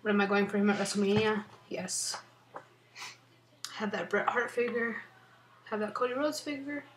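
A young woman chatting excitedly in a casual unboxing vlog from her bedroom, rambling, swearing often and sometimes whispering. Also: medium pitch, normal speed, a little hiss or hum. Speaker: vlogger.

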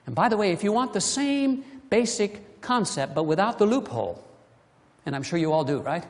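An animated preacher works the congregation with rhetorical questions. The voice leaps from loud, pressing emphasis down to quiet, intimate asides, and the delivery is full of lively rises and falls. The voice rings out with the long reverb of a church hall. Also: mid-range voice, moderate pace. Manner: swings between loud emphasis and hushed asides. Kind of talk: sermon. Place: church sanctuary.

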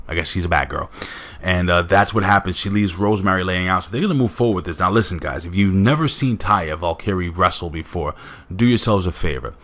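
Deep-voiced man rambling through a recap. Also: fairly bright tone. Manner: rambling, with many fillers and asides to viewers. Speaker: wrestling show reviewer. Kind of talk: casual spoken recap.

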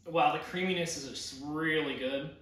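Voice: medium pitch, fairly even intonation, a bit bright. A co-host of a casual snack taste-test, easygoing, drawing out reactions to each snack. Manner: slow, easygoing, drawn-out reactions. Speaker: co-host of a snack tasting video. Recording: very echoey room, mic far off.

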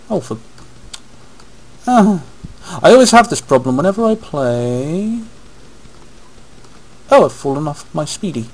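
A man's voice: fairly high pitch, animated, measured pace, pauses often, a little mellow, poor audio. A man giving rambling, casual commentary over his gameplay, talking to himself, recorded on a webcam microphone. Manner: rambling, chatty, talks to himself while playing. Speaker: let's play host.

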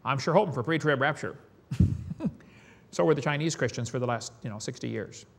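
A man's voice: medium pitch, fairly quick, gravelly. A man preaching a sermon, telling folksy stories with chuckles.

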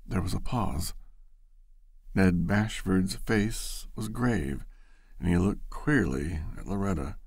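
A man narrating a classic story in an expressive, storytelling manner. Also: fairly low pitch, slow, vocal fry, husky, no room sound.

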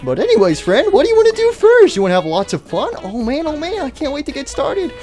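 A man's voice: very high voice, huge pitch swings, fast, darkish tone, soft background music, voice pushed up, full character voice. A man voicing a manic, cheerful male robot who runs a daycare, squealing and giddy in a game roleplay.

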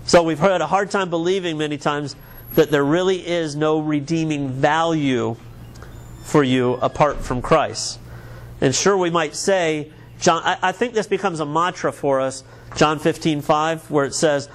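A man's voice: fairly high pitch, moderate pace. A man from the United States, a pastor preaching a sermon in an earnest, conversational way, often restarting his words.

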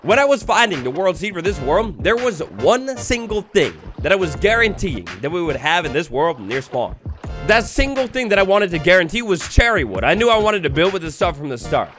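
A young man talking through his survival game run in a bright, high voice that swings up and down constantly. He is playful and chatty, jokes with the creatures he runs into, and music plays softly under his voice. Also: a little fast. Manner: animated, playful, talks to mobs, bursts into excited yelps. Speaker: gaming YouTuber. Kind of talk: Minecraft let's play commentary.

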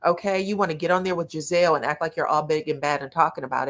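A woman chats through reality TV gossip and viewer comments. Her voice sits a little low. She talks casually, drawling with slang. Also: fairly even intonation, quick pace. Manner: sassy, uses slang like child and delulu.

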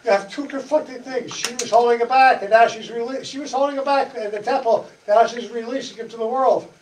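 Very high-pitched and brisk, with fairly even intonation, a man presents a folksy church study-group talk, chatting, laughing and acting out dialogue. The sound is distant and echoey, from a church meeting room, with faint hiss.

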